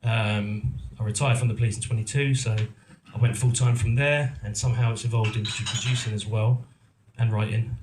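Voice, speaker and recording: A middle-aged actor and producer from England talks casually to a live audience at an event venue in a roomy hall, telling his story in a rambling, self-mocking way with many ums and restarts. His lowish voice holds a steady tone and moves briskly, with hardly any pauses. The room echoes and there's background noise.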